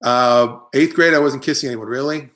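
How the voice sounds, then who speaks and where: A man's voice: medium pitch, normal speed, fairly bright tone. A middle-aged man hosting a live online show, delivering a rambling, opinionated comic monologue with jokey asides while he answers viewer comments.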